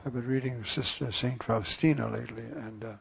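A priest giving an earnest, musing sermon, often pausing with fillers. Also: male voice, medium pitch, fairly even intonation, gravelly, breathy edge.

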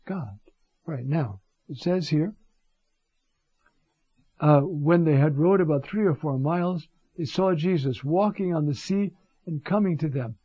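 A man's voice: a little high, breathy edge, no echo. A man giving a Bible lecture, reading passages and explaining them with frequent asides and restarts. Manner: animated, many "you see" asides and restarts. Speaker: Bible teacher. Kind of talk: scripture lecture. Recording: dull lo-fi dry recording.

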